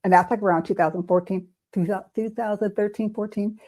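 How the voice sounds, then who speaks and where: A woman's voice: medium pitch, fairly quick. An older woman, an intuitive reader, telling a personal story in an interview and acting out the voices she quotes. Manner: animated, acts out quoted voices.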